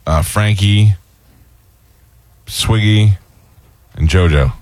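A man's voice: lowish voice, very slow, darkish tone, no room sound. A man hosting a radio talk show, bantering casually in a wry, playfully exasperated way.

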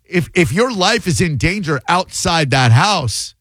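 A man's voice: a little high, lively intonation, measured pace, fairly bright tone, no echo. A man hosting a call-in radio talk show, blunt and opinionated, sometimes repeating words when he gets heated. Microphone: studio microphone.

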